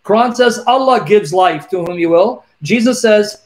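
High-voiced man hosting an emphatic call-in show. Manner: emphatic, repeats references, reads verses slowly. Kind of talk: call-in debate on scripture.

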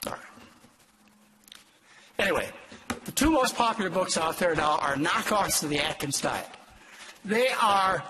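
An older man, a doctor, lecturing an audience in an emphatic, exhortative way with sudden leaps in pitch. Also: lively intonation, measured pace, pauses often, noisy background. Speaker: doctor giving a talk.

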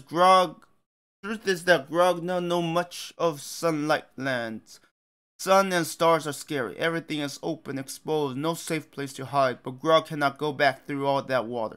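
A man's voice: fairly high pitch, fairly even intonation, normal speed, a bit bright, clear, resonant tone, close to an everyday voice. A man voicing a loyal, humble male troll who talks in broken speech and calls himself by name. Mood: earnest.

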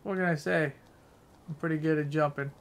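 A man's voice: on the high side, fairly even intonation, fairly quick. A young man streaming a game, rambling casually and swearing while chatting with his viewers. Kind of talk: casual gameplay commentary.

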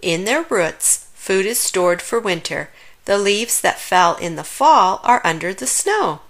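A woman voicing a gentle mother bear who patiently explains things to her cub in a storybook. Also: medium pitch, expressive, unhurried. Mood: explaining.

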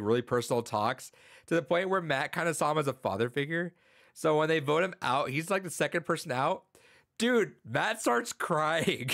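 A man hosting a podcast in casual chat, retelling a story in an animated, rambling way with many restarts. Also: on the high side, dry recording, clean studio sound.

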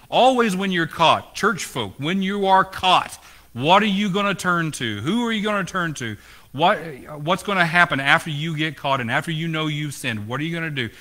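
A man's voice: medium pitch, pushed and bright. A man preaching a sermon as pastor, asking the congregation questions, his voice rising and falling. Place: church.

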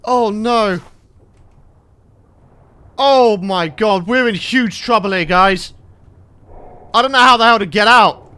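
A British man commentating a game he is playing, excitable and prone to panicked shouts and yelps. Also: sits high, takes it slowly, long pauses, clear, resonant tone. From Britain. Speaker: gaming channel host. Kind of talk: let's play commentary.

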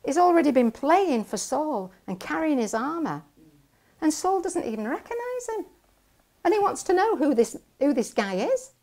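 A woman's voice: sits high, very animated, moderate pace, darkish tone. A woman preacher, retelling a Bible story and acting out what its characters say.

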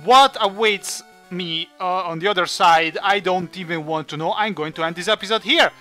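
A man's voice: high voice, normal speed, bright, forceful tone, faint music behind. A man who is not a native English speaker, chatting and joking through his let's play. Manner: chatty, jokey, thinks aloud. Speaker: gaming channel host.

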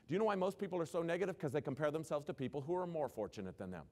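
A man giving a humorous, animated conference keynote and asking the audience questions. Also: fairly high pitch, rapid-fire. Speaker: keynote speaker.

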